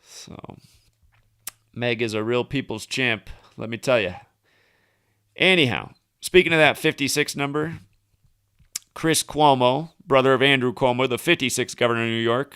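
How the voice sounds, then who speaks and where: Bright, crisp-voiced man on a livestream. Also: medium pitch, fairly even intonation, moderate pace, no room sound, studio quality. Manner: rambling, reels off number links and asides. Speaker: livestream host. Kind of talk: solo livestream monologue.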